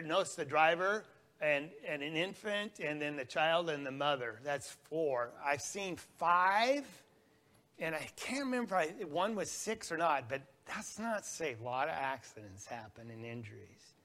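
A man's voice: a little high, fairly bright tone. A man giving a rambling, folksy slide-show talk about a mission trip to a live audience. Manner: folksy, rambling, with small restarts and laughs.

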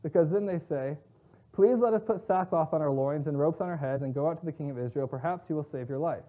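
A man with a somewhat high voice teaches from scripture in a relaxed, chatty way, reading verses and then retelling them in plain slang. The sound is thin and narrow, as if heard over a phone line. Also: quick pace. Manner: conversational, paraphrases scripture in everyday slang. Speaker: Bible teacher. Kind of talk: casual Bible teaching.

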